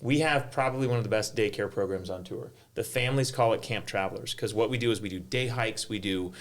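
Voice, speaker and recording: A middle-aged man, a golf tournament director, telling stories in an animated way on a panel, full of "like" fillers. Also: on the low side, quick pace. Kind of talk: panel conversation, storytelling.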